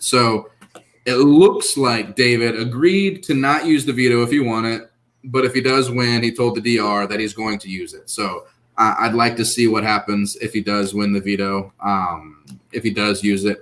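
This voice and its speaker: A man co-hosting a casual online recap show, talking over a video call and acting out lines with lively energy. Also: on the low side, normal speed. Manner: animated, acts out quotes, laughs. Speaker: podcast co-host.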